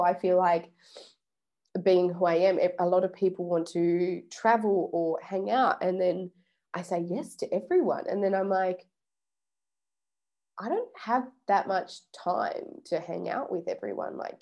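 A woman's voice: on the low side, a little mellow. A young woman vlogging casually about personal boundaries, chatty and swearing freely, acting out little quoted exchanges. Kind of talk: casual self-help vlog.

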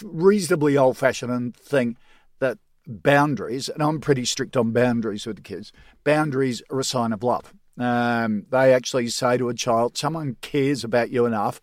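A man's voice: medium pitch, no room sound, studio quality. Hearty older Australian man. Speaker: guest panelist. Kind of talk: casual panel chat.

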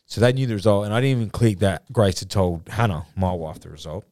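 A man's voice: lowish voice, lively intonation, fast, darkish tone, no echo. An Australian man in a casual podcast studio chat, telling a rambling, sweary story. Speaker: podcast co-host.

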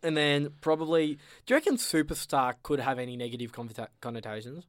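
A man's voice: on the high side, fast, no echo, clean studio sound. A young adult man with an Australian accent, co-hosting a podcast in casual rambling banter. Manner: laid-back, rambling and joking. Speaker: podcast co-host.

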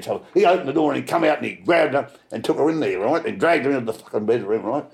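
An older Australian man rambles through a story, coarse and full of curses, stumbling over repeated words. His voice has a gravelly, creaky grain at a middling pitch. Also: fast talker, hardly any pauses. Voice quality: coarse, swears constantly, repeats himself. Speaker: interviewee.

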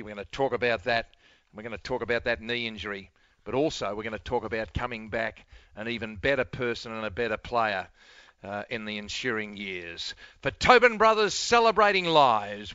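A man's voice: fairly low pitch, bright, forceful tone, smooth, dry recording, lo-fi sound. An older man with an Australian accent, hosting a radio sports interview with showy broadcaster patter. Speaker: radio host.

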